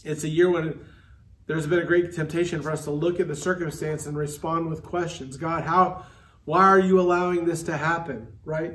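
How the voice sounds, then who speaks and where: A male pastor preaching a sermon earnestly, slowing and dropping low on key words. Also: steady tone, a bit bright, distant mic. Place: church sanctuary.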